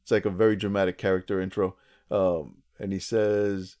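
A man with a fairly low voice hosts a relaxed podcast, walking through a cartoon episode scene by scene. He tells it in an animated, chatty way, full of asides. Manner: animated storyteller, quick asides, frequent laughter. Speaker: podcast co-host. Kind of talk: casual chat recapping a cartoon episode.

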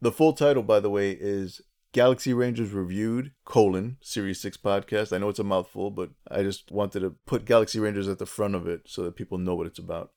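A man's voice: lowish voice, fairly quick, mellow. Chatty man co-hosting a podcast. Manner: chatty, jokey, restarts often. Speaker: podcast co-host. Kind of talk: casual podcast chat.

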